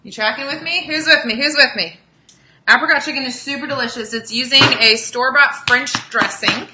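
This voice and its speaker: A woman's voice: high-pitched, a little fast, reverberant, noisy background. A woman hosting a casual live cooking demo, chatting with viewers as she cooks in a home kitchen. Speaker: cooking show host.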